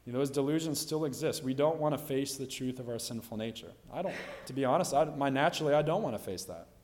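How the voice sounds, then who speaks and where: A man delivering a sermon, his voice sitting in a middle pitch. He explains scripture in an earnest, conversational way and often drops in "you know" as he talks. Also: quick pace, a little mellow. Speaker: preacher.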